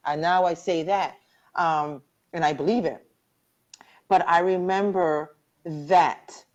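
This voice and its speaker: Low-voiced woman, earnest testimony. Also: measured pace, lo-fi sound. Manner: earnest, heartfelt, repeats phrases for emphasis. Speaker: cancer survivor sharing her story. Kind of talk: personal testimony in a live online interview.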